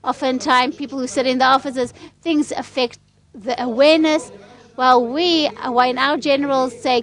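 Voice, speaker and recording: A woman giving an earnest conference speech in a hall, asking rhetorical questions. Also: high voice. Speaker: conference speaker.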